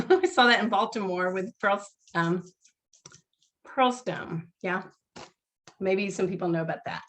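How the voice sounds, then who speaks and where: A woman's voice: medium pitch, a bit bright. A woman rabbi leading a seder over a video call, chatty and laughing often, chanting Hebrew blessings.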